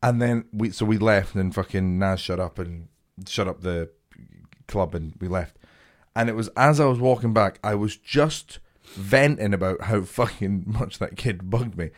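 A young man co-hosting a podcast, telling an animated story in casual chat, swearing freely and acting out the people he quotes. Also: fairly low pitch, moderate pace. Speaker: podcast co-host, comedian.

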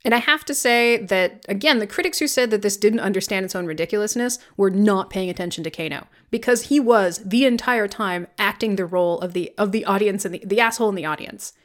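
A woman co-hosting a casual movie review podcast, talking in an animated way, quoting lines and laughing often. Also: mid-range voice, brisk, hardly any pauses. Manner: animated, quotes characters in put-on voices, laughs often. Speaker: podcast co-host.

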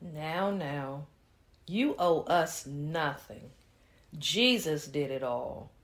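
Devout churchgoing wife, gentle and unhurried, woman actress, drawling church talk with hums and hallelujahs. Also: low voice, animated, full character voice. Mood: earnest. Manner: slow, sing-song churchy speech, frequent "mm" and "hallelujah". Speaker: minister's wife in audio drama. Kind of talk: audio drama acting.

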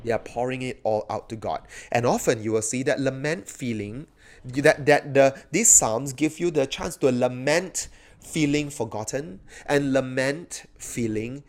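A man preaching a sermon, animated, often raising his voice to act out cries of the psalms. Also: mid-range voice. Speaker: pastor.

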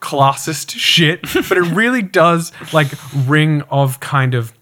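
A man's voice: fairly high pitch, animated, takes it slowly, a bit bright. Swearing, laughing Australian man. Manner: laughs often, swears freely, rants. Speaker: podcast co-host. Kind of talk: casual tasting chat.

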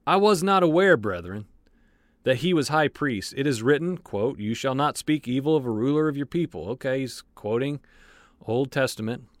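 A man's voice: medium pitch, moderate pace, no echo, clean studio sound. A man giving an informal Bible study, reading scripture aloud and commenting on it with asides and filler words. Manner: animated, frequent fillers and restarts. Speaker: Bible teacher. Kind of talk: conversational Bible study teaching.

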